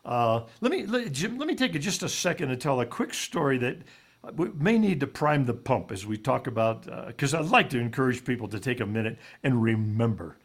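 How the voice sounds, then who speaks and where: A man's voice: mid-range voice, sing-song, a little fast. A man telling a heartfelt story as a guest on a talk show, earnest and folksy, with plenty of "uh"s. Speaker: guest speaker.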